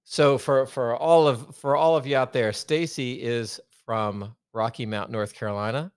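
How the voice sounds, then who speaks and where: A man's voice: mid-range voice, steady tone, smooth, no echo, clean studio sound. Rambling man co-hosting a podcast. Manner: rambling, halting restarts. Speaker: podcast co-host. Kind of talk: casual sports chat.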